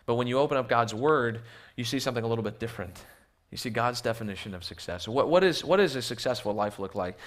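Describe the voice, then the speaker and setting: A missionary preacher with a mid-range, lively voice delivers a church sermon with slides, talking quickly with few pauses. He often restarts and repeats words, and he asks the congregation rhetorical questions.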